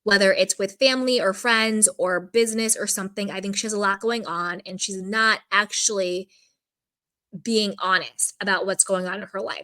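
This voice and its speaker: Her medium-pitched voice is bright and forceful as she gives candid commentary on a reality show. The woman speaks casually, sharing strong opinions with lots of "like" thrown in.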